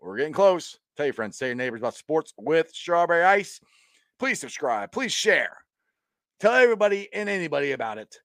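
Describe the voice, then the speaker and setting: An excitable man hosts a casual sports podcast. His voice sits a little high and swings up and down, and he laughs often. The sound is dry and close. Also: a little fast, no echo.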